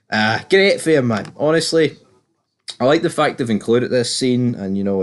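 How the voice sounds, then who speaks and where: Chatty British man recapping a show. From Britain. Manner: chatty and opinionated, swears freely, jumps up high when exclaiming. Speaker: TV show reviewer. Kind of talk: casual spoken recap and commentary.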